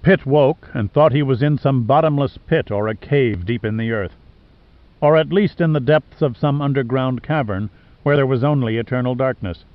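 A man reading an audiobook in steady scripted narration. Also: medium pitch, moderate pace, no echo, lo-fi sound.

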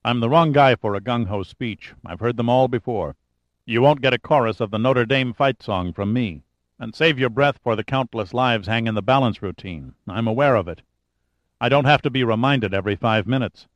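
A man's voice: medium pitch, moderate pace, dry recording, lightly acted. A man voicing an arrogant, charming male adventurer who talks in a dry, clipped, sardonic way in an audiobook.

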